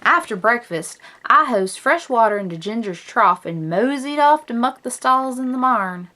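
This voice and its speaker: A woman's voice: on the high side, animated, moderate pace, sharp tone. A woman voicing a horse-mad little cowgirl in a put-on Western twang, reading a picture book aloud. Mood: eager. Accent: put-on American Western twang. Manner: drawling, folksy storybook read-aloud.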